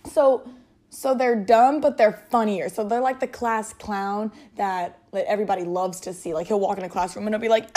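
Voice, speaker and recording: A woman chatting casually on her own podcast in an easy, mid-pitched voice. She rambles from thought to thought, giggling and leaning on filler words. Her talk is loose and unscripted. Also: fairly even intonation, normal speed, a little mellow. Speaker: podcast host. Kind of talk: casual solo chat.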